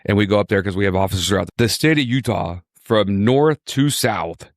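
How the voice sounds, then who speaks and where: Chatty low-voiced man from Virginia. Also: lively intonation, moderate pace, dry recording, clean studio sound. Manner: chatty, repetitive, enthusiastic storyteller. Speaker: injury lawyer, podcast host. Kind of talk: casual podcast chat.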